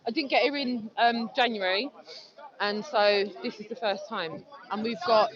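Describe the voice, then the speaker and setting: A woman's voice: fairly high pitch, fairly even intonation, normal speed. A woman chatting outdoors into a handheld phone, effusive and casually swearing. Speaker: vlogger filming at a public speaking spot. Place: busy outdoor public park. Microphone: handheld phone camera. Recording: dull lo-fi phone audio, loud crowd.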